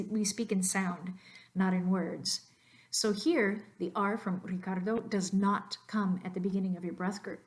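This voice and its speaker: A woman with an American English accent, teaching Spanish pronunciation in a narrated slideshow lesson and drilling words by repetition. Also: medium pitch.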